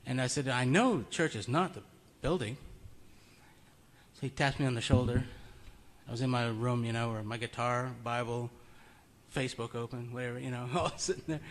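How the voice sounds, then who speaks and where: A man's voice: medium pitch, normal speed. A man giving an informal, conversational sermon in a meeting room. He tells stories and chuckles often. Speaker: preacher.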